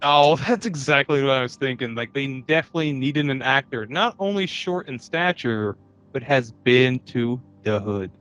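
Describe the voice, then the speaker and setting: A man's voice: mid-range voice, normal speed, a bit bright, rough recording. A man co-hosting a podcast, chatting casually and profanely about a movie and acting out bits in put-on voices. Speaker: podcast co-host. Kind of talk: casual movie-review chat.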